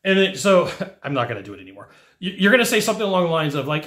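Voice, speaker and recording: A man teaching technicians about sales in a lively monologue, acting out whiny customer voices along the way. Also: a little high, rapid-fire, echoey room. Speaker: sales trainer.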